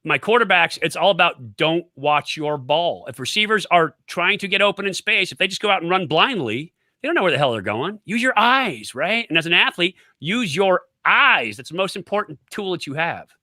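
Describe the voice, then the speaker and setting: A middle-aged former quarterback turned coach speaks as a guest. He talks emphatically and hammers his points home through repetition. His voice is very bright and a little high, with a dry sound. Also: lively intonation, normal speed, few pauses, no echo. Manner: emphatic, repeats points, storytelling. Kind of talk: casual interview, coaching talk.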